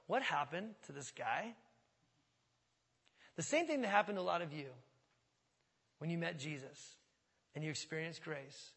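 A male pastor in his thirties preaches with a fairly high, husky voice. He swings from hushed, intimate asides to fervent rising calls, and his words ring out with a long church-hall reverb. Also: sing-song, normal speed. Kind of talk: sermon. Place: church sanctuary.

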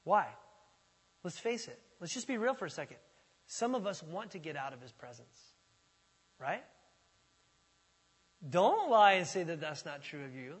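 A man preaching a sermon as pastor, talking conversationally and with animation, swinging from loud emphasis to hushed asides. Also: high voice, sing-song, measured pace, long pauses, breathy edge. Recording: long reverb of a large hall.

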